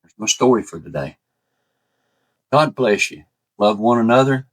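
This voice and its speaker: A man telling a true story in a folksy, animated way, acting out the voices he quotes. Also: fairly low pitch, moderate pace, no echo. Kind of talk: casual spoken storytelling.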